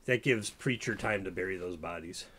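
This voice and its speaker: A man's voice: sits low, moderate pace, sharp tone, a little hiss or hum. A man running a tabletop game as game master, laid-back and full of fillers.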